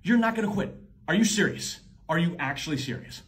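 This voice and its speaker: A man's voice: on the high side, expressive, brisk, background noise, lightly acted. A man doing a cold, blunt office boss. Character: blunt arrogant male boss. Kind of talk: comedy sketch.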